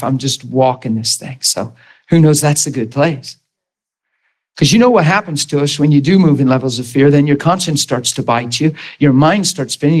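A man preaching an informal sermon to a Bible school class, earnest and emphatic, laughing often and asking the room questions. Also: fairly high pitch. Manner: laughs often, jokes with the class, acts out quoted voices.

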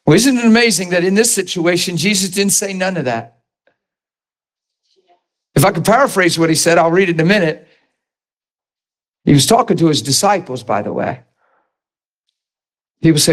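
A middle-aged pastor with a drawl, preaching in a somewhat high voice. He keeps it conversational, tossing questions and asides to the congregation as he builds his points with real energy. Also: expressive, a little fast, pauses often. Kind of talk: sermon.

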